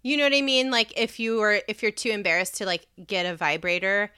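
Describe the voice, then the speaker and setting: A woman's voice: mid-range voice, animated, fairly quick, sharp tone, clean tone. A woman co-hosting a casual podcast chat, laughing often and swearing casually. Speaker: podcast co-host.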